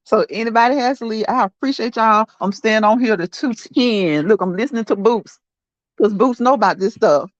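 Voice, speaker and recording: A woman's voice: a little high, moderate pace, no echo. A woman hosting a casual livestream, chatting to her viewers, laughing often and repeating herself. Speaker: livestream host. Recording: dull, dry lo-fi sound.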